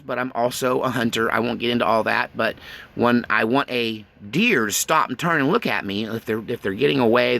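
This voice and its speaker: Middle-aged male vlogger, gravelly, casual and rambling. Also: mid-range voice, pushed and bright. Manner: rambling, folksy, with many fillers. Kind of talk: casual chat to camera.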